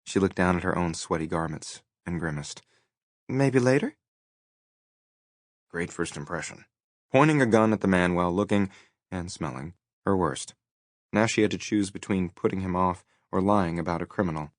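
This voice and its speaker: A man narrating a romance audiobook in a soft, measured, intimate way. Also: sits low, dry recording, clean studio sound. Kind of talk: scripted narration.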